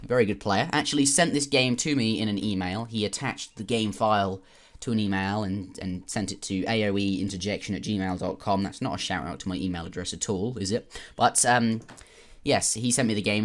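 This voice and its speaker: A man's voice: lowish voice, fairly bright tone. A British man giving casual, rambling commentary on a strategy game replay, with joking asides and some swearing. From Britain.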